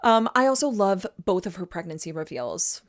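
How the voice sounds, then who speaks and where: A woman co-hosting a podcast in casual chat, enthusiastic and often quoting lines in animated voices. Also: lowish voice, normal speed. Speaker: podcast co-host.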